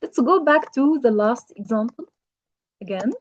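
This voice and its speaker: A woman's voice: fairly high pitch, animated, unhurried, lo-fi sound. A woman teaching English grammar in a patient manner, asking the learner questions. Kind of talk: grammar lesson.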